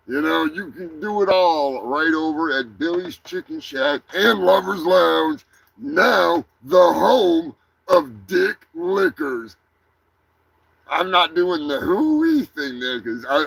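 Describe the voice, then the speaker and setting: A man's voice: fairly high pitch, creaky, a bit bright, poor audio. A man hosting a comedic live stream, talking in a crude, rambling, profane way. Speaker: host. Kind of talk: crude comedic livestream chat.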